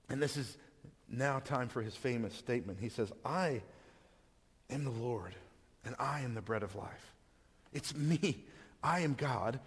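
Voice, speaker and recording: A man's voice: mid-range voice, husky, in a large hall. A man giving a sermon as a pastor, talking in a conversational way with frequent stammered restarts.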